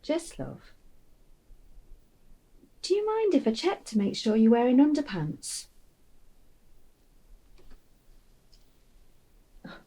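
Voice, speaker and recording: Soft-spoken mum in grief, husky dark voice, half whispering, halting. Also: female voice, high-pitched, big pitch swings, heavily acted. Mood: gentle, warm. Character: grieving middle-aged mother, tender and gentle. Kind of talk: film drama monologue.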